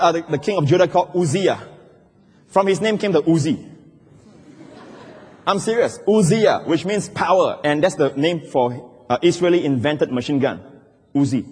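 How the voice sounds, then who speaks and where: A man preaching a sermon as pastor, swinging from loud cries down to low, quiet asides. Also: husky. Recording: long hall reverb.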